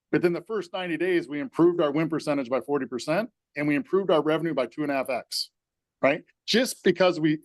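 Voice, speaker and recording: A man on a webinar panel, talking in an energetic, conversational way and tagging his points with 'right?'. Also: fairly high pitch, no room sound. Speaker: panelist, company founder.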